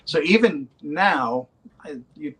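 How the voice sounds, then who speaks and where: A man with a somewhat high voice chats loosely about his band. He wanders through his thoughts, pausing often with fillers. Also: lively intonation, a bit bright, a little hiss or hum, low-quality recording. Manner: rambling, hesitant with many ums. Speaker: band member. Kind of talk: casual interview chat.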